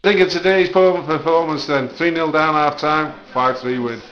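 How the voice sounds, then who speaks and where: A man from an amateur football club doing jokey, mock-serious post-match interviews in a deadpan manner. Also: fairly high pitch, normal speed, lo-fi sound, background noise.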